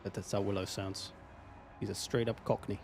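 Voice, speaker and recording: A man's voice: on the low side, flat delivery, moderate pace, darkish tone, faint music behind. A man with an English accent, casually commenting on a strategy game on a live stream, swearing now and then and answering chat. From England. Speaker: gaming streamer.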